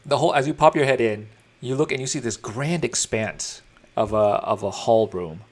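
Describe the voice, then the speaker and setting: A man's voice: medium pitch, a little fast. Rambling male dungeon master. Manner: casual, rambling narration with many fillers. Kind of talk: narrating a tabletop game.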